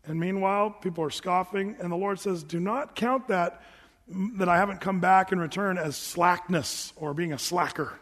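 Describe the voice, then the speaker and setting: A high-voiced pastor delivers a sermon in a church sanctuary, preaching at a moderate pace in an animated, conversational style with rhetorical asides. The hall adds a long reverb.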